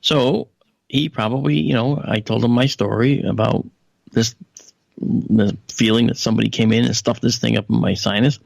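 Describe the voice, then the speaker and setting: A man with a gravelly, fry-tinged voice tells a story as a radio guest, lifting his pitch whenever he quotes someone else. The sound is dry and close, with no room around it. He talks casually and drifts into fillers and asides. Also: fairly even intonation, normal speed, dry recording. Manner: conversational with frequent fillers and asides. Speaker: guest analyst. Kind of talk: anecdotal storytelling in a radio interview.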